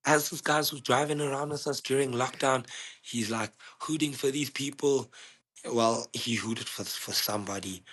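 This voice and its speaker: A young man with a South African accent telling a story casually on a podcast, animated and profane, acting out other people's lines. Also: medium pitch, moderate pace, a little hiss or hum. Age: young adult. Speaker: podcast guest, graffiti writer.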